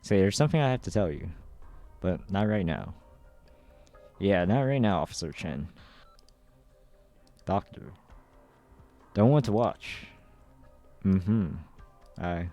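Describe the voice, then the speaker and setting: Man reading all the parts of a game story aloud, low and mellow, faint music behind. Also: lively intonation, slow pace, long pauses. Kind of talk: dramatic readthrough of game dialogue.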